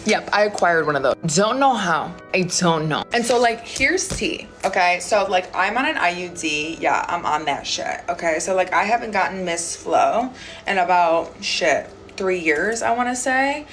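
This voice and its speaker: A woman's voice: on the low side, lively intonation, unhurried, fairly bright tone, faint music behind. A woman starting a casual storytime, brash and slangy, swearing freely.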